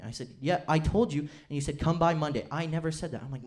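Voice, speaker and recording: Holding a handheld mic on a comedy club stage before a laughing crowd, a young man from Utah performs stand-up, chatty and self-deprecating, dropping into quick impressions of his family. His voice is a little high with a darkish tone.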